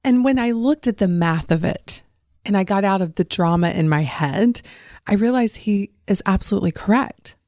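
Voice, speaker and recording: A woman's voice: mid-range voice, animated, normal speed, a little mellow, no echo, studio quality. A woman hosting her own podcast, talking in a chatty, upbeat, personal way. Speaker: podcast host. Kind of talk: casual solo podcast talk.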